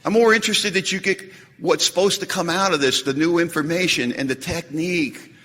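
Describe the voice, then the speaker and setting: A man speaking at a recovery meeting, an animated storyteller who jokes and acts out quotes. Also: fairly high pitch, brisk. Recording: echoey hall recording.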